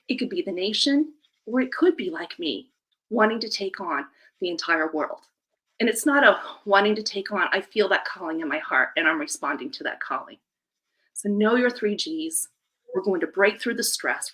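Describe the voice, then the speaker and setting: A woman life coach speaking as a podcast guest, delivering an energetic, emphatic motivational pitch. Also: low-quality recording. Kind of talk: live podcast interview.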